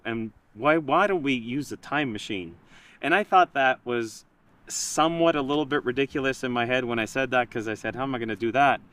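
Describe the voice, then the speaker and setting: A man in casual conversation, telling a story in an animated way and quoting himself and others. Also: mid-range voice, fairly quick, clean tone. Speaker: project creator.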